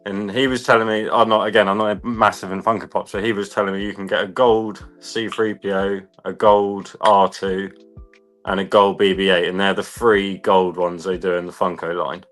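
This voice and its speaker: A man co-hosting a casual chat show, telling a story excitedly with plenty of slang. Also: low-pitched, normal speed, faint music behind. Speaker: podcast co-host.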